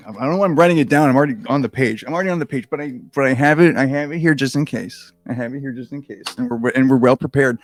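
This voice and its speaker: A man's voice: medium pitch, racing, few pauses, no echo, soft background music. A man reading a gamebook aloud on a close microphone, breaking off into rambling, swearing, self-deprecating asides. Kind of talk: casual reading with rambling commentary.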